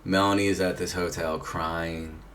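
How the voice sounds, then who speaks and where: A man's voice: low voice, flat delivery, moderate pace, fairly bright tone. A man casually telling a long personal story, rambling and swearing, with lots of filler "like"s. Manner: rambling, profane, many filler "like"s. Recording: distant mic with faint background noise.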